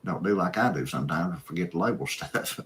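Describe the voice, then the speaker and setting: A man's voice: low voice, fast, fairly bright tone. A man hosting a live stream, reading viewer comments and chatting in an easygoing, folksy, rambling way. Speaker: host.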